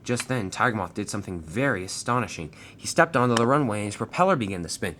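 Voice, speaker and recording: A man's voice: on the low side, animated, fast talker, sharp tone, slight background noise. A man narrating a fan-made story in a plain storytelling way, with restarts.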